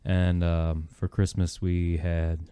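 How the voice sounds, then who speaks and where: A man hosting a podcast in casual chat, speaking softly and close to the microphone. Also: low-pitched, flat delivery, takes it slowly, clear, resonant tone, dry recording. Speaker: podcast host and radio presenter.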